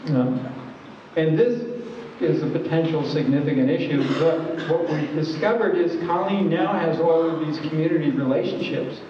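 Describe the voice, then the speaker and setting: Male trainer, wry storyteller, a bit high. Dull, lo-fi hall recording with faint hiss. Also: normal speed. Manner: conversational, wry. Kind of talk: storytelling presentation. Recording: echoey hall from far off, dull lo-fi.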